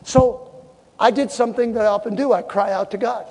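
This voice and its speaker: A male pastor preaching a sermon in a church, telling funny stories and breaking into shouted exhortations. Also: high voice, brisk, gravelly, in a large hall. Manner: animated, humorous storytelling with shouted exhortations. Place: church sanctuary.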